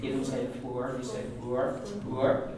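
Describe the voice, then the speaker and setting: A man with an Irish accent teaching an Irish language class, repeating words slowly for learners to copy. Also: medium pitch, monotone, crowd noise. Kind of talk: classroom lesson. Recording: echoey room, recorded from a distance.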